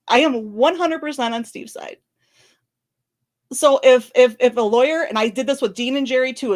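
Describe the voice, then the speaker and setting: A woman speaks on camera in a fairly high voice, close to tears as she delivers emotional commentary. She talks quickly and bluntly, breaking off to restart and apologize. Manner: fast, blunt, candid talk with many apologies and restarts. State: tearful, crying on and off. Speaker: channel host commenting on a legal case. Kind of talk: emotional live-stream commentary. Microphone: camera recording.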